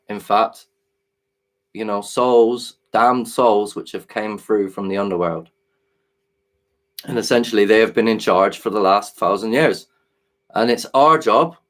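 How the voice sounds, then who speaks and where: A man hosts a live stream, speaking earnestly but hesitantly as he works his software, often restarting his sentences. His voice is medium in pitch.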